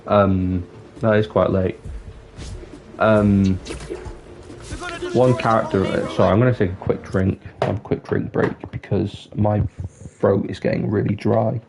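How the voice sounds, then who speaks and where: Fairly low-pitched and steady, this man speaks at a measured pace with frequent pauses, rambling candidly and occasionally swearing on his livestream. He sits in a dark room with no light on, music playing behind a noisy background.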